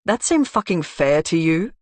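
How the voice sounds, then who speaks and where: Brief: narrator doing a tough, foul-mouthed young woman in an audiobook, blunt and heated, low-ish voice. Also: big pitch swings, moderate pace, no echo.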